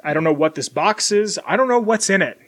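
A young man casually chatting through an unboxing, rambling and self-deprecating, with sudden bursts of loud excitement. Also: high-pitched, a little fast. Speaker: collector unboxing merchandise. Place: home room with collectibles shelf.

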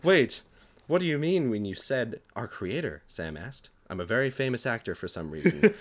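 A man's voice: medium pitch, sing-song, normal speed. A young man, a podcast co-host, reading his comedic fan fiction aloud, acting out the dialogue and laughing at his own jokes.

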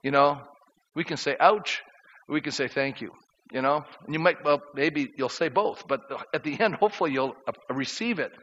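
In a church sanctuary, a male pastor delivers a conversational sermon, frequently posing questions to his congregation. He speaks briskly in a slightly high, fairly bright voice, and the sound is dull in the reverberant hall.

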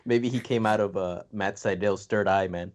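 A man's voice: lowish voice, fairly even intonation, moderate pace, darkish tone. Laid-back, jokey podcast co-host man. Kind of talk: casual podcast chat.

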